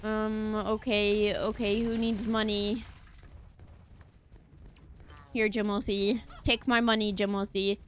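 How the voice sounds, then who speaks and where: A woman's voice: medium pitch, flat delivery, slow, long pauses, a little hiss or hum. A young woman streaming a game, chattering playfully to her chat and teammates with silly bits. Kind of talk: casual gaming livestream chatter.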